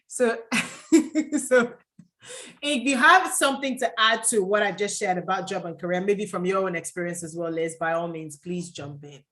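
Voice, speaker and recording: A woman's voice: medium pitch, moderate pace, a bit bright. A woman from Nigeria, in her thirties, hosting a livestream and giving passionate career advice as an HR coach.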